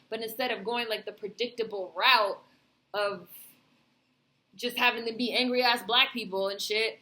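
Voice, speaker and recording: A woman's voice: on the high side, fairly even intonation, normal speed, sharp tone. A woman vlogger giving a casual, rambling film review, heavy on fillers and swearing.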